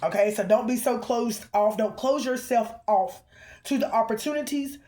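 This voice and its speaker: A fairly high-voiced woman delivers a collective spiritual reading to her viewers. She speaks with emphasis, keeps punctuating her points with "okay?", and calls out to the ancestors as she goes. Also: normal speed. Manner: emphatic, repeatedly checks in with "okay?"; excited and bouncy at moments. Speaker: spiritual reader.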